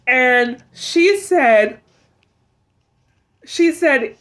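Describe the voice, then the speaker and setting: A young woman in her twenties tells a deeply personal story in a high voice. She speaks in a heartfelt, searching way, leaning often on "like" and "um". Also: a little slow. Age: 20s. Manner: heartfelt, fills speech with "like" and "um". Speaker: vlogger sharing a personal story. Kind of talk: emotional personal testimony.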